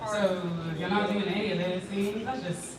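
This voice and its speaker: A woman's voice: mid-range voice, fairly even intonation, normal speed. Breezy woman emcee over a crowd. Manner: breezy, playful, riffs between announcements. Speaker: event emcee. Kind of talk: live announcing at a reception. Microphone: handheld stage mic. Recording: echoey hall, far from mic, crowd noise. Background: chattering crowd.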